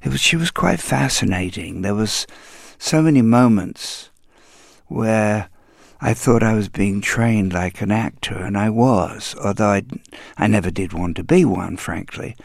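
Slow gravelly older English man. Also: on the low side, dry recording, clean studio sound. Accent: English, elocution-trained. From London, England. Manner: unhurried, anecdotal. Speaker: hairdresser guest. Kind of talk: relaxed interview storytelling.

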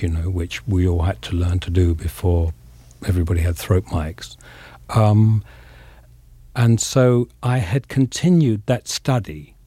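An older English man with a very deep, husky, dark voice, reflecting thoughtfully in an interview. He pauses often and fills gaps with ums. The studio sound is close and dry. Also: no room sound. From England. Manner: thoughtful, pausing, many fillers. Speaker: actor, interview guest.

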